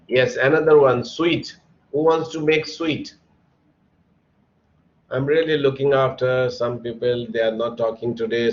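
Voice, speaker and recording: A man's voice: medium pitch, a little mellow. A man teaching an online grammar class, explaining patiently and spelling words out letter by letter. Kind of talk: online English grammar lesson. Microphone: computer mic on a video call. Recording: dull lo-fi online call audio.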